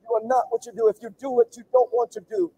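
A man pastor leading an impassioned sermon prayer, with a fervent, repetitive preaching cadence that swings from shouts to hushed pleading. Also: very high voice, very animated, fast, gravelly, rough recording.

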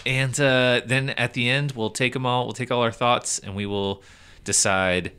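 A man's voice: medium pitch, fairly even intonation, a little slow, pushed and bright, clean tone. A man co-hosting a podcast, chatting casually and animatedly with friends, often breaking into laughs. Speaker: podcast co-host.

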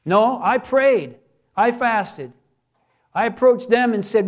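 A man's voice: extremely high pitch, expressive, slow pace. A man who is a pastor, preaching a sermon earnestly and repeating words for emphasis.

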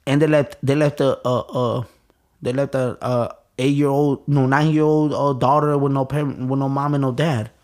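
Halting, blunt storytelling from a man from Chicago, in a plain mid-pitched voice. He restarts his sentences often and talks rough and profane, as an interview guest recounting his own life. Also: flat delivery, darkish tone. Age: adult.

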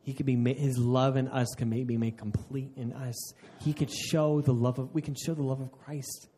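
A man's voice: medium pitch, little pitch movement, moderate pace, warm tone, a little hiss or hum. A man preaching a sermon in an earnest way, often restarting mid-phrase and laughing at himself. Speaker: pastor.

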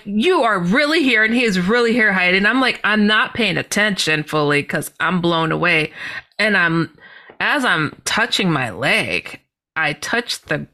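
Bright-voiced woman telling an animated story. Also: on the low side. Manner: animated, laughing, exclaiming. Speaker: guest author. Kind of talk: personal storytelling.

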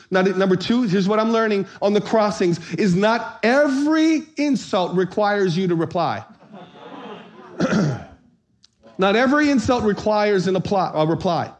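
High-voiced animated male preacher. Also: normal speed. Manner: animated storyteller, acts out voices, shouts for comic effect. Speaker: pastor. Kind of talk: sermon with storytelling.

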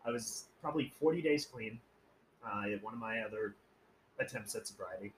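Talking a bit fast in a lowish voice, a podcast host spins rambling, crude, jokey stories and imitates the people he quotes. The recording is rough, with slight hiss or hum.

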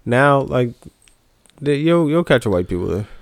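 A man's voice: mid-range voice, sing-song, normal speed, dry recording. A man co-hosting a podcast in casual chat, laid-back, giving short agreeing replies. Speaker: podcast co-host.

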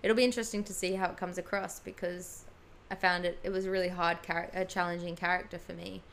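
A woman's voice: lowish voice, flat delivery, fast talker. A young Australian woman, an actress, chatting about her work and laughing often as she tells stories. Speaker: actress guest. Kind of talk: casual chat. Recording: faint background noise.

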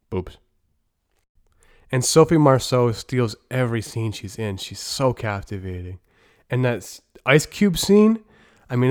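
A man's voice: medium pitch, clear, resonant tone, no echo, clean studio sound. A man hosting a casual movie review podcast, talking in a blunt, opinionated and joking way, with some swearing. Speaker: podcast host.

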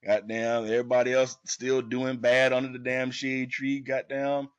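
A man telling a profane, animated story in casual podcast chat. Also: medium pitch, moderate pace, clear, resonant tone, dull audio. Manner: profane, animated storyteller who acts out quotes.

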